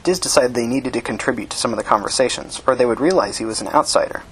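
A man reading short fiction aloud as narrator, plain and steady. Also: medium pitch, fast, a little hiss or hum.

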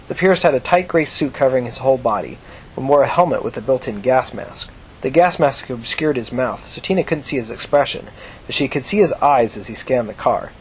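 A man narrating an audiobook in a steady, measured reading. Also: medium pitch, slight background noise.

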